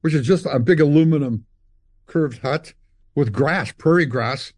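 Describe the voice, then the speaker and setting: Older Canadian man spinning animated stories. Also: fairly high pitch, a little slow, dry recording. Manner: animated storyteller, acts out dialogue and guitar sounds. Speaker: musician guest. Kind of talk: storytelling interview.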